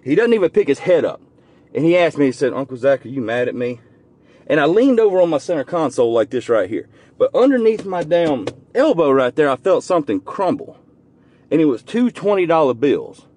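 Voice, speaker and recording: Guy in his car telling a heartfelt story, folksy and earnest, gets soft and quiet. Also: fairly high pitch, big pitch swings, a little fast. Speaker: vlogger. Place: inside a car.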